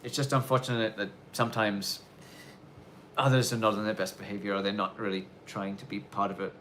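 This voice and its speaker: Speaking from the snowy Japanese countryside, a man hosts a casual live Q&A stream, rambling loosely with lots of fillers and restarts. His lowish voice barely moves in pitch, runs a little fast, and sounds fairly bright over a faint hiss or hum.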